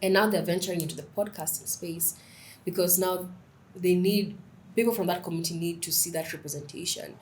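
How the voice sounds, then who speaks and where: A young woman talks in a lively, animated way, her voice sitting a little low for a woman. She chats casually as a guest and tells stories with relish. Faint noise hums behind her. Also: fairly quick, rough recording. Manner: lively, animated storytelling, mixes in Swahili phrases. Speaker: podcast guest, writer. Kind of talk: casual interview chat.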